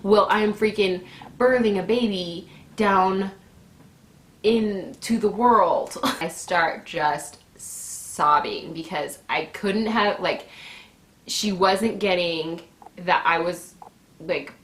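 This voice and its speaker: A woman in her twenties telling a personal story in a casual, animated way, laughing often and acting out her own shouts. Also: medium pitch, slow pace. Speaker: vlogger. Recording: echoey room with faint noise.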